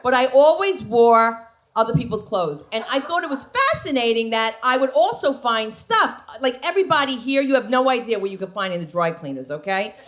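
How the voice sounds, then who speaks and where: Lively, animated woman doing stand-up. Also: fairly high pitch, a little fast. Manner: animated storytelling with shrieks and asides to the crowd. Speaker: stand-up comedian. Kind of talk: stand-up comedy set. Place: comedy club stage.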